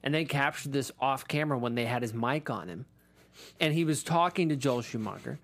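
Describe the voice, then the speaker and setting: A man co-hosting a podcast, casually chatting about a movie and adding quick wry jokes. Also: mid-range voice, a bit bright. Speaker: podcast co-host.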